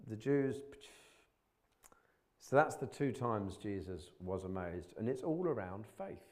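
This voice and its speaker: A man's voice: on the low side, lively intonation, a little slow, a little mellow. A man giving an informal sermon in a church, chatty and colloquial, poking fun at himself, with bursts of emphasis. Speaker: preacher.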